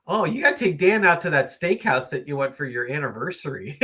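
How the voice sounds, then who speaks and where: A man's voice: a little high, big pitch swings, moderate pace, creaky, bright, forceful tone. A man hosting a casual late-night live stream, musing at length with many fillers and reading out viewer comments. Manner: reads viewer comments aloud and greets viewers.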